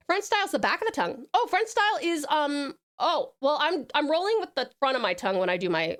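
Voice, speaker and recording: A woman's voice: high voice, sing-song, moderate pace, fairly bright tone. A woman with an Australian accent chatting casually on a live stream, reading chat aloud and calling her viewers darling and sweetheart. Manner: demonstrates purring and rolled R's.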